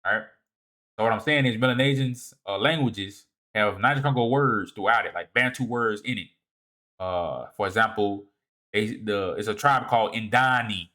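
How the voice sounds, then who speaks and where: A man presenting a lecture over slides in a casual, halting way. He often repeats and restarts his words, checks in with "all right?", and swings between emphatic rises and low muttered asides. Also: sharp tone. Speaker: presenter of a video series. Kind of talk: lecture walking through slides.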